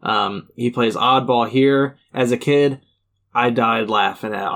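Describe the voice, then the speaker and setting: A man's voice: mid-range voice, takes it slowly, vocal fry, a bit bright. A man co-hosting a casual movie podcast, rambling and laughing often as he talks. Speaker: podcast co-host.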